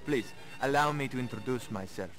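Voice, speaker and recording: An actor with a Russian accent playing a formal, courtly gallery owner in a 1990s game video. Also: male voice, medium pitch, fairly quick, a bit bright, faint music behind, close to an everyday voice. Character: suave middle-aged male Russian art gallery owner.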